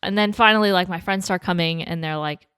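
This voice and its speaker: A woman's voice: fairly low pitch, brisk, a bit bright, smooth, dry recording, studio quality. A young woman co-hosting a podcast, telling a story in casual chat with lots of "like" fillers and laughs. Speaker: podcast co-host telling her wedding story.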